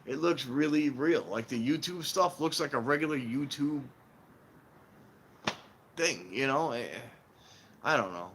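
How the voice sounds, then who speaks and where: A man hosting a casual trainspotting stream, rambling and animated, acting out the voices of people he quotes. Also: mid-range voice, a little slow, pauses often, background noise. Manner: warns viewers against scams. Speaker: railfan livestream host. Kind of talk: casual chat while filming trains.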